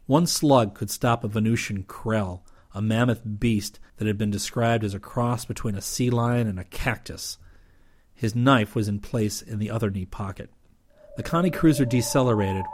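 Low-voiced man narrating an audiobook.

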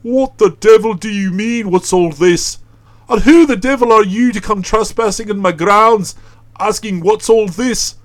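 An actor voicing a blustering, irascible older uncle in an audiobook, sputtering in explosive outbursts. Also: male voice, high-pitched, unhurried. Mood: furious. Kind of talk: audiobook character voice.

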